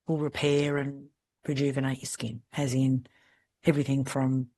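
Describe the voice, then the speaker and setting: A middle-aged woman with an Australian accent, a podcast host telling candid, lively stories in casual chat. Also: extremely low pitch, normal speed. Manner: lively, candid anecdotal storyteller. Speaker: podcast host, salon mentor.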